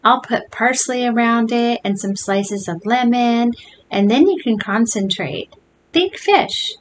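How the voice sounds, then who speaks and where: A woman's voice: on the high side, slow, a little hiss or hum. A woman voicing Tom, an eager young boy coaxing his friend, in a storybook read-aloud.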